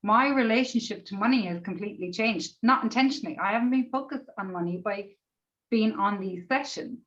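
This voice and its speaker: A woman's voice: mid-range voice, fast, fairly bright tone, dull audio. Gushing emotional woman on a call. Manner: gushing, rambling, heavy on "like", swears. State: emotional, near tears. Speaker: participant in a group coaching session. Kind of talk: emotional sharing in a group call.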